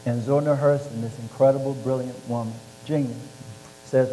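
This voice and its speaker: A man recounts his life onstage and slips into the voices of the people in his stories. His tone is warm and mellow. The sound rings in a large reverberant hall over a faint hum. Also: mid-range voice, a little fast. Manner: animated storyteller acting out quoted voices. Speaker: author and former football player. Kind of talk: storytelling interview.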